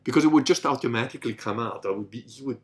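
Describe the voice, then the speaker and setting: A man's voice: mid-range voice, very fast. A middle-aged man hosting a podcast, telling stories in a loose, rambling way with many restarts and asides. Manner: rambling, frequent restarts and "you know"; animated, acts out voices in his stories. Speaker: podcast host answering listener questions. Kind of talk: casual storytelling monologue.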